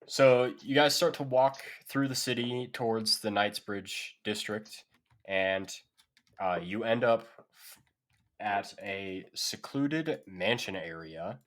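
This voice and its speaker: A man's voice: on the low side, slow pace, a bit bright. A man narrating a tabletop game as game master, casual and full of fillers. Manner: casual, loose descriptions with many fillers.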